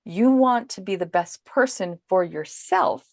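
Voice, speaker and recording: A woman parenting coach in a podcast interview, explaining calmly and acting out her own inner self-talk as examples. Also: mid-range voice, measured pace, vocal fry, dry recording, studio quality.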